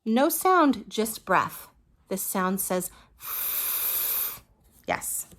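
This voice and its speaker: A woman leads a phonics lesson for small children at an unhurried, drawn-out pace. She models each letter sound with care and gives gentle praise along the way. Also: medium pitch, expressive. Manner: slow, patient, encouraging, models each sound. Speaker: teacher.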